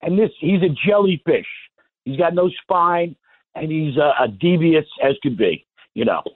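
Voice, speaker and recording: A male talk radio caller who rambles in a folksy, indignant way, with plenty of fillers. His somewhat high voice comes through a dry, tinny phone line. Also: expressive, normal speed, dry recording.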